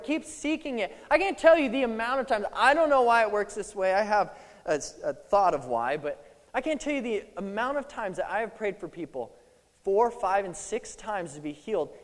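A man preaching a sermon, casual and animated, acting out scripture scenes in little voices. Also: sits high. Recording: long hall reverb.

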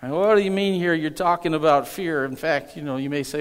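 A man's voice: fairly high pitch, brisk, smooth. A man preaching a sermon as pastor, emphatic and calling on the congregation to respond. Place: church sanctuary. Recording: echoey hall.

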